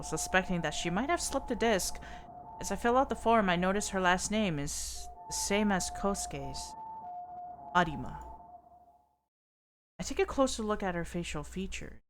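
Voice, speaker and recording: A young woman streamer reading a game's story aloud and adding playful, laughing remarks. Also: on the low side. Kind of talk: reading a game aloud with casual commentary. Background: game music.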